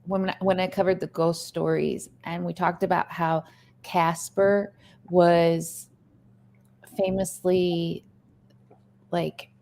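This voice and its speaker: A woman co-hosting a casual livestream chat, talking in an animated way, reading viewer comments aloud and saying "like" often. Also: on the low side, takes it slowly, creaky, long pauses. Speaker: livestream co-host.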